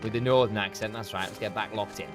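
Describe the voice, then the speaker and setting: A man's voice: on the low side, steady tone, quick pace, over music. A man streaming a game and muttering commentary to himself as he plays. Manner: muttering to himself while playing. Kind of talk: gameplay commentary.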